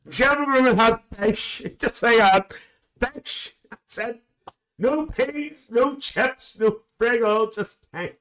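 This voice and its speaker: A man playing a cheeky, gossipy older aunty character, hosting a live chat with viewers in camp, chatty talk broken by cackling laughs and shrill high exclamations. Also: extremely slow, pauses often, a bit bright, heavily acted. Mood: chatty gossip.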